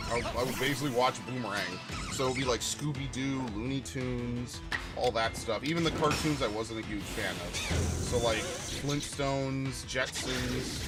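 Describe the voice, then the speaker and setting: A young man rambling casually over gameplay, chatty and swearing offhand. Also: mid-range voice. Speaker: gaming channel host.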